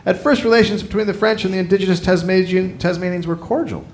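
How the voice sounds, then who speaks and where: A man's voice: sits high, fast. Man reading history notes to a live crowd. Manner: reads notes, breaks off to joke and yell. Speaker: co-host reading the story. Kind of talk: live comedy podcast narration. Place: live stage before an audience. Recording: live show, audience noise behind.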